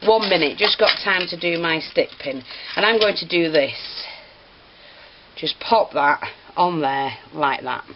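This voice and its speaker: A woman's voice: low voice, unhurried. A woman teaching a craft tutorial, chatty and apologetic, prone to giggling. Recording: slightly dull home recording with faint hiss.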